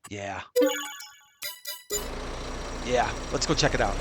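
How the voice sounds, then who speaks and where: A let's play host muses aloud and chuckles to himself while casually commenting on a farming game, with tractor and engine sounds from the game behind him. His voice is fairly low and slow-paced. Music plays in the background, and game engine noise sits under his voice.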